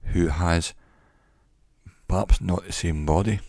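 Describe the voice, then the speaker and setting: A man giving an educational talk in a measured, reflective way, pausing often between phrases. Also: low voice, fairly even intonation, a little mellow, no room sound, studio quality. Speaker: teacher. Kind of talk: educational monologue.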